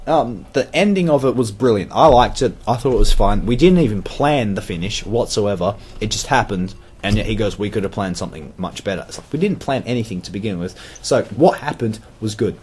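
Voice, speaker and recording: A man's voice: medium pitch, moderate pace, a little hiss or hum. An Australian man guesting on a podcast, telling wrestling stories in casual chat, swearing freely with lots of fillers. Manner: swears freely, animated retelling with repeated fillers.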